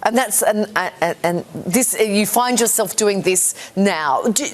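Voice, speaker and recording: A woman's voice: medium pitch, takes it slowly. Bubbly Australian woman TV host. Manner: bubbly, laughs easily. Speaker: morning TV host. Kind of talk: breakfast TV chat.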